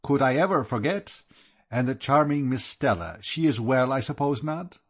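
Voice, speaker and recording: A man's voice: medium pitch, lively intonation, moderate pace, voice pushed up, natural voice. A man voicing a stiff, formal male German count with a German accent, speaking in a courtly, ceremonious way.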